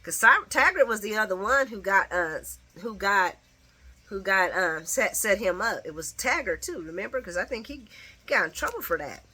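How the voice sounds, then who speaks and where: Animated recap host, a woman, opinionated and chatty, bright voice that laughs often. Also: mid-range voice, normal speed, husky. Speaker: soap opera recap vlogger. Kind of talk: casual spoken recap.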